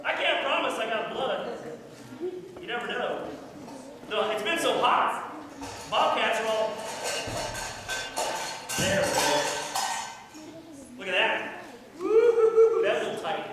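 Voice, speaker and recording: Hamming it up as a rowdy bobcat mountain man from the backwoods, a costumed man teases the crowd at a scout ceremony in a heavily acted, very high, sing-song voice, slow and full of long pauses. The recording comes from a distance in an echoey hall.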